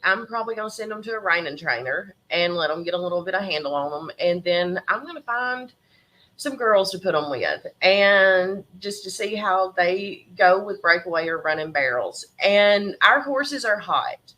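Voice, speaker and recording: A woman's voice: fairly low pitch, moderate pace. A middle-aged woman with a Southern accent, a podcast guest and horse breeder telling emotional stories with frequent laughter. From Tennessee. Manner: emotional, animated storyteller who laughs often. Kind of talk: casual interview chat.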